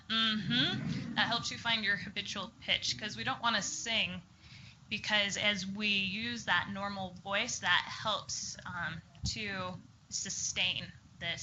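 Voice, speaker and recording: A woman's voice: mid-range voice, bright, forceful tone. A woman speech therapist leading a group through exercises, giving encouraging step-by-step instructions. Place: group therapy session room. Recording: muffled lo-fi with faint noise.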